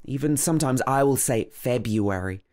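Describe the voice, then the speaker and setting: A man teaching English pronunciation, slowly and carefully repeating each word to demonstrate it. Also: mid-range voice, darkish tone. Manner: slow, careful demonstration of words, repeated over and over. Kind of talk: pronunciation lesson.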